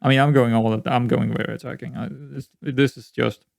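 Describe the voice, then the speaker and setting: A man's voice: medium pitch, steady tone, a little fast, creaky, no echo, studio quality. A man giving rambling, exasperated commentary while playing a management game, often repeating himself. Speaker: gaming YouTuber. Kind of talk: let's-play commentary.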